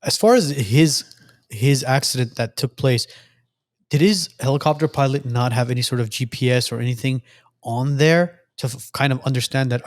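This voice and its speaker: A man's voice: mid-range voice, moderate pace. A man co-hosting a podcast, asking casual, rambling questions with false starts. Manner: asks rambling questions with restarts.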